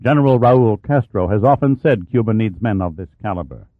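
A man doing a soft-spoken commanding hero. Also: fairly low pitch, animated, brisk, dry recording, narrow, tinny audio, natural voice. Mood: cold. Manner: soft, controlled, acid. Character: cool, commanding male adventurer.

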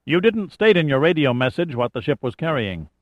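A keen, curious archaeologist around forty who can barely hold back his excitement, put on by a man reading an audiobook. The voice sits a little higher and brighter than the narration. The sound is close and dry, slightly muffled. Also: a little fast, no room sound. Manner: enthusiastic, blurting. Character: eager tall male archaeologist, around forty.

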